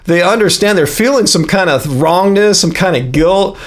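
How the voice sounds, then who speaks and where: A man's voice: high voice, animated, normal speed. A man in his fifties hosting a casual livestream, rambling and chatty with frequent fillers. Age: 50s. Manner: rambling, many fillers and restarts. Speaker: livestream host.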